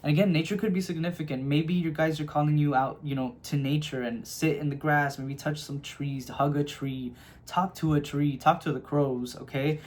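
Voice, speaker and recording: Speaking at normal speed in a slightly high, darkish voice with fairly even intonation, a man does a relaxed tarot reading for the camera. He's warm and chatty, reassures viewers, frequently asks "okay?" and calls them "my loves."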